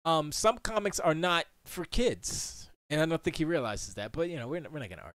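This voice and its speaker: A young man hosts a casual livestream from his home studio, rambling and muttering to himself as he works on his computer. His voice is a little high, expressive, brisk and a bit bright, with no echo.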